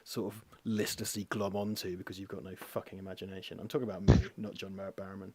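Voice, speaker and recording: A man's voice: sits low, level tone, fast talker, slightly rough. Rambling, sweary British man chatting. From Britain. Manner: rambling, sweary, self-mocking. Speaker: podcast co-host. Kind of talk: casual chat.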